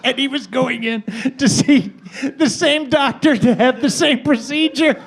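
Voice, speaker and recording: A man's voice: extremely high pitch, unhurried, creaky, slight background noise. A middle-aged man telling a comic story in casual chat, chuckling and repeating himself as he goes.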